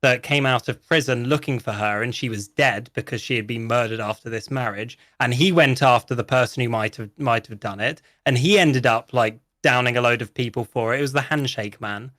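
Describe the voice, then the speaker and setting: A man's voice: mid-range voice, fairly quick, hardly any pauses, fairly bright tone, no room sound, clean studio sound. A man chatting casually about roleplay, rambling through a long story with many restarts and some swearing. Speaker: roleplay guest. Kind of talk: casual podcast chat.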